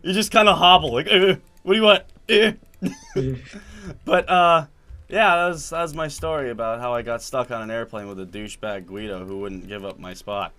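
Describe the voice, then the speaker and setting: A young man telling a story in casual chat, acting out the quotes loudly and animatedly. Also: mid-range voice, moderate pace.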